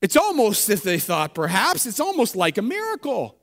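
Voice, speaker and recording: The pastor's very high, bright, forceful voice swoops wildly in pitch at a moderate pace as he tells his sermon like a comic story to friends. Behind each line lingers the lengthy reverb of a large church sanctuary.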